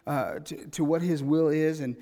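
A middle-aged man preaching a sermon, talking conversationally and building to loud, emphatic passages. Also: a little high, steady tone, normal speed. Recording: long reverb in a large hall.

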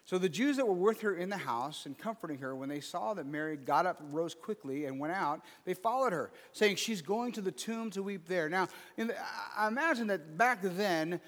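A man's voice: sits high, a bit bright, in a large hall. A man preaching a sermon as pastor, reading scripture aloud and then breaking into casual, conversational asides.

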